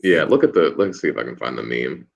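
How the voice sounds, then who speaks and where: A man's voice: rumbling low, fast, vocal fry, muffled recording. A man co-hosting a casual podcast, telling stories and laughing often. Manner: animated storyteller, laughs often. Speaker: podcast co-host. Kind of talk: casual chat.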